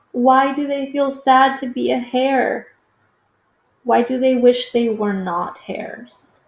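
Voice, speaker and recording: A woman teacher leading a reading lesson for young children, slow and encouraging, with exaggerated read-aloud phrasing. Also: high voice, steady tone, reverberant, rough recording.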